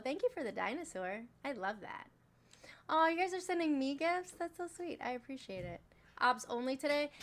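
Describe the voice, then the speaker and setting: A woman runs a casual live stream as its moderator, joking and swearing freely. She is bossy with her viewers. Her voice sits a little high for a woman. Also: fairly bright tone.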